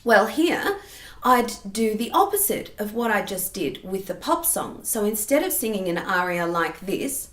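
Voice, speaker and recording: A woman singing teacher explaining vocal technique patiently and clearly, often checking in with the listener. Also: medium pitch, big pitch swings, measured pace, a bit bright. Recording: roomy echo.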